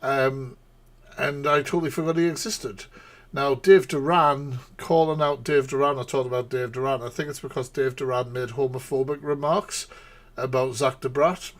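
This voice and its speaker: A man riffs through a casual live-stream reaction, rambling with sarcastic asides and bursts of laughter. His voice sits at an everyday middle pitch. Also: steady tone, normal speed.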